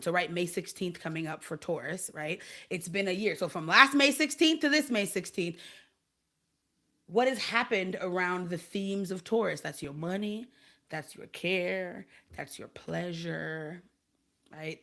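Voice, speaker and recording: Woman on a spiritual livestream, kinda low voice but bright, laughs a lot, chatty. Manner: laughs often, reads and answers chat comments. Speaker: host. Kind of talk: channeled livestream chat.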